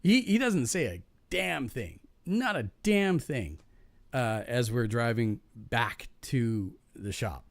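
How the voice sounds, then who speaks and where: A man hosting a podcast speaks slowly in a mid-range voice, with no room sound. Casual and animated, he tells a work story, swears freely, and acts out the people he quotes.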